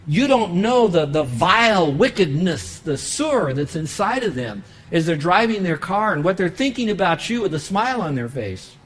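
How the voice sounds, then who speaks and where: A pastor preaching a sermon in a church, emphatic and rising into loud bursts, then softening into a quiet prayer. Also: male voice, sits high, sing-song, normal speed, hardly any pauses, husky, rough recording.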